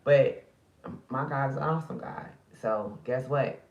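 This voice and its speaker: Tired woman on a late night phone vlog, gravelly voice, dull muffled sound. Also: a bass voice, a little slow, a little mellow, echoey room, far from the mic. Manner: tired, emotional, talks straight to viewers as sisters. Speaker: spiritual card reader and channel host.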